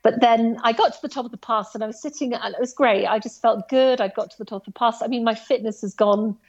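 A woman's voice: on the high side, fast talker. Chatty woman on a dull line. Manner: chatty, animated, many restarts and asides. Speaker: guest recounting a hike. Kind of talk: casual storytelling in conversation.

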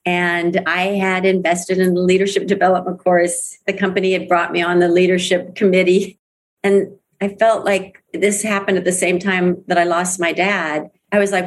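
A woman's voice: lowish voice, flat delivery, normal speed, a little hiss or hum. A middle-aged woman speaking as an interview guest about her network marketing career, earnest and emphatic, repeating phrases for weight. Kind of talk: candid interview talk.

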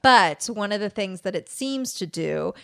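A woman at an ordinary middle pitch, co-hosting a casual podcast chat. She retells events with energy, acting out what people said and laughing along the way. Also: a little slow, gravelly. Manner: lively, acts out quoted voices, laughs often. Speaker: podcast co-host.

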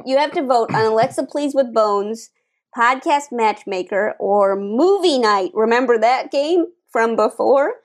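A woman's voice: fairly high pitch, animated, measured pace. A woman hosting a playful live-stream game, chatty and full of little fillers. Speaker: game show host.

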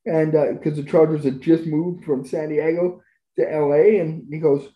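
Guy on a podcast gushing about stuff, kinda high voice, echoey room. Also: fairly even intonation, moderate pace, muffled recording. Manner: enthusiastic, gushing about experiences. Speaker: podcast guest. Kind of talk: conversational storytelling. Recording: roomy echo.

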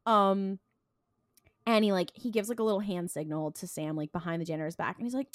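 A woman co-hosting a podcast, casually recapping an episode, retelling scenes with quick bits of quoted dialogue and frequent ums. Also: medium pitch, animated, no echo, studio quality. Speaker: podcast co-host.

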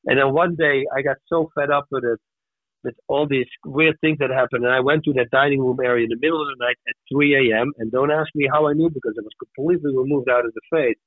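Male guest with an animated storytelling manner, tinny phone-like audio with no room sound. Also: medium pitch, quick pace, no room sound. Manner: animated storyteller who acts out voices. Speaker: podcast guest. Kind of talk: casual storytelling.

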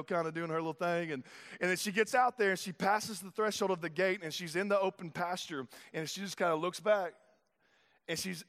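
A man, preaching a sermon as pastor, moving between hushed, intimate passages and loud, urgent ones. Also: sits high. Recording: hall reverb.

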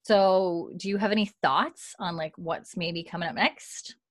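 A woman's voice: on the low side, unhurried, no echo, studio quality. A young woman co-hosting a podcast, animatedly retelling a TV episode and acting out the characters' lines, with lots of "like" fillers. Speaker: podcast co-host recapping a TV episode. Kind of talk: casual chat.

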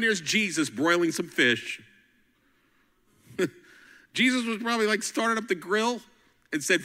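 Bright-voiced preacher in an echoing church. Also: male voice, sits high, lively intonation, unhurried, pauses often. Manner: dramatic preaching that swings between loud climaxes and hushed whispers; call-and-response exhortations. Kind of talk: sermon.

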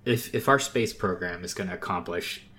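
A co-host musing aloud in relaxed banter, with trailing restarts. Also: sits low, moderate pace. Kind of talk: casual banter.

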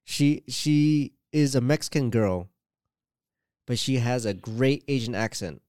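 A man's voice: mid-range voice, a little slow, a little mellow, clear, resonant tone, no echo, studio quality. A man in casual chat, telling stories in a rambling way full of "like" and quoted asides.

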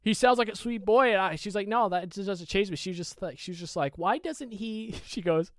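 A man co-hosting a podcast, telling an animated story in casual chat with many quoted asides. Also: sits high, brisk, no echo, studio quality. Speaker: podcast co-host.

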